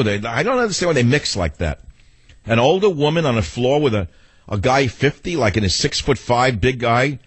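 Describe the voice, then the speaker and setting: A man's voice: mid-range voice, husky, no room sound. A middle-aged man hosting a talk radio show, combative and sardonic, rambling between arguing with callers and monologue.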